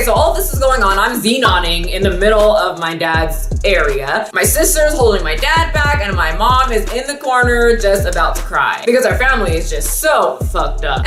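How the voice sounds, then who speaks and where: A young woman telling a personal story on her vlog, animated, sarcastic and full of swearing. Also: mid-range voice. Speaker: vlogger. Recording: echoey room with music. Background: music.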